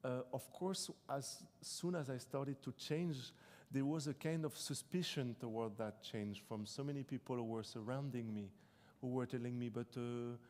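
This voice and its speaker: A young French man whose first language is French talks in English with a mellow, darker tone, reflective and halting, often circling back to restart a sentence. His voice carries the long reverb of a large hall. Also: medium pitch, steady tone. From France. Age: 20s. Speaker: author being interviewed. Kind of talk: live stage interview. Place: debate hall on stage.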